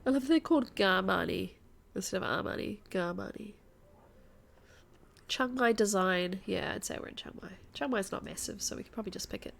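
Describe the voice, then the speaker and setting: A woman's voice: medium pitch, fast, vocal fry, few pauses. A woman streaming a guessing game, thinking aloud and chatting to her viewers. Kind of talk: live-stream gameplay chat.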